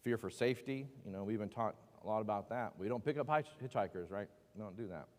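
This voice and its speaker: A man's voice: fairly low pitch, fast talker. A man teaching a casual Bible class at church, joking and asking the class questions as he talks. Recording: long hall reverb.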